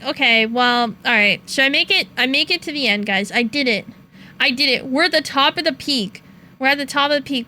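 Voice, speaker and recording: A woman's voice: high voice, sharp tone. A young woman streamer chatting casually to her viewers, venting with lots of swearing and laughter.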